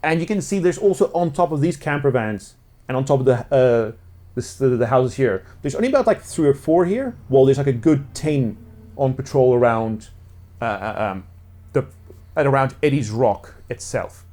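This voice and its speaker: A man's voice: mid-range voice, animated, moderate pace, warm tone. A man narrating as game master in a casual, rambling way with many fillers. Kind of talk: narrating a tabletop role-play.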